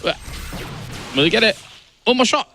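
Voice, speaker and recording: A man calling the action of a live esports match, trading quick banter with his co-caster. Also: high-pitched, lively intonation, pushed and bright, faint music behind. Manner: play-by-play, upbeat banter with co-caster. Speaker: esports commentator. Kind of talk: live game commentary.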